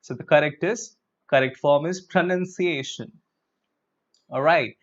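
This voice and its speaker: Indian English teacher drilling pronunciation. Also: male voice, a little high, measured pace, a bit bright. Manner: drills words with the class, repeating each several times; mixes in Hindi words like "chalo". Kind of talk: live pronunciation lesson. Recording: dull lo-fi sound.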